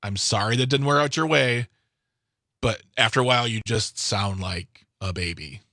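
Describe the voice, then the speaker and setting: A man's voice: fairly low pitch, normal speed, bright, forceful tone, no room sound. A man co-hosting a radio talk show, sounding exasperated and sarcastic, often stopping and restarting his sentences in a studio. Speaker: radio co-host. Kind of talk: casual political talk.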